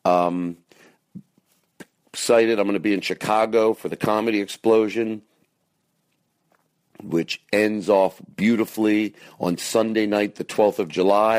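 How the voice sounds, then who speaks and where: Speaking into his phone, a man hosts a podcast with a silly, rambling comic intro full of playful asides. His voice sits on the low side and is a little mellow, and the phone recording sounds dry.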